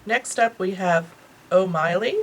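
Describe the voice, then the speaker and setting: A woman's voice: fairly low pitch, a little slow, low-quality recording. A woman with a New York accent casually and enthusiastically reviewing beauty products she bought, chatting to her viewers. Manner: chatty, enthusiastic, lots of fillers. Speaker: beauty vlogger.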